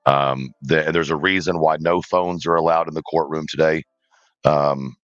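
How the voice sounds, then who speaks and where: Very deep-voiced man, measured and cautious. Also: steady tone, fairly bright tone, clean tone, no echo. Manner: measured, cautious, many ums. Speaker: panel guest. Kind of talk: livestream panel commentary. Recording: dull lo-fi dry call audio.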